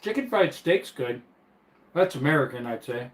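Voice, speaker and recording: A man's voice: medium pitch, animated, normal speed, roomy sound, rough recording. A man casually hosting a live stream from his bedroom, easygoing and chatty as he reads viewer comments and laughs often. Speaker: livestream host.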